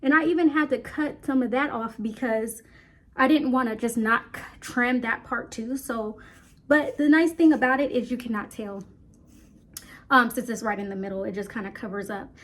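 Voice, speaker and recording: A young woman talking fast and a little out of breath, chatting casually to her viewers about hair care. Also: a little high. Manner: chatty, rambling, talks fast, addresses viewers as y'all. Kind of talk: casual chat to camera.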